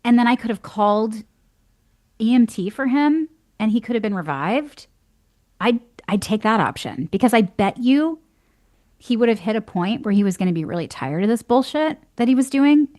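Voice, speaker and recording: Animated woman telling stories. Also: fairly high pitch, moderate pace. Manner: animated storyteller, acts out quoted voices, laughs often. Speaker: podcast guest. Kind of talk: casual conversation.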